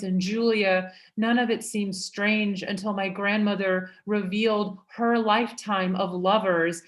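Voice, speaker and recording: Unhurried woman reading poetry. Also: mid-range voice. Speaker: poet. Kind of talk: reading her own poetry aloud.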